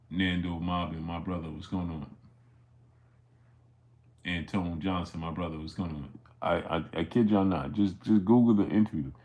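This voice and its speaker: A man's voice: deep voice, steady tone, measured pace, long pauses, a little mellow. Male sports streamer, casual and rambling, full of fillers and restarts, keeps breaking off to greet chat viewers by name. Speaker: sports channel host. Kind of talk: casual livestream storytelling.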